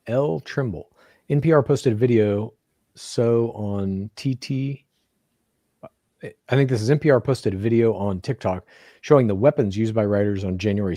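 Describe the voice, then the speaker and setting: A man's voice: fairly low pitch, mellow, no room sound, clean studio sound. Blunt, casual male podcast host. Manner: blunt, casual, swears freely. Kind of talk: casual chat, reading listener comments.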